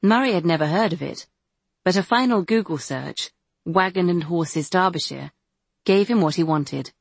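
Low-voiced woman narrating an audiobook. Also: moderate pace, gravelly, breathy edge, no echo. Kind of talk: scripted narration.

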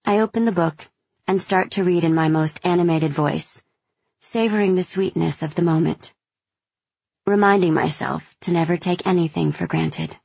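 A woman reads a first-person story aloud with a low, husky voice that often drops into a gravelly edge. Her delivery is measured and gentle. The recording is dry and a bit dull. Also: no room sound. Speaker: audiobook narrator. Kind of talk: first-person audiobook narration.

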